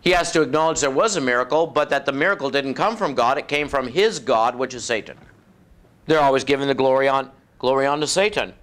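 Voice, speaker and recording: A man preaching a sermon in a folksy, conversational way, acting out other people's voices and dropping low and soft for effect. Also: brisk. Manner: acts out voices of demons and doubters, drops low and soft for effect.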